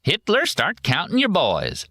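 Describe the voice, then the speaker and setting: A man's voice: high-pitched, wildly swooping pitch, a little slow, bright, forceful tone, no echo, pitched above the performer's own voice, heavily acted. A man voicing a blunt, folksy young soldier with a Tennessee accent. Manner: crude, folksy, exclaiming.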